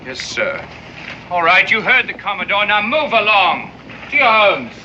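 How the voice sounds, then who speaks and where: A man's voice: sits high, big pitch swings, unhurried, bright, forceful tone, full character voice. An actor playing a dutiful male army corporal, deferential to his superiors and curt with townsfolk. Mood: ordering. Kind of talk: 1960s TV drama acting. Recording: muffled old TV soundtrack with background noise.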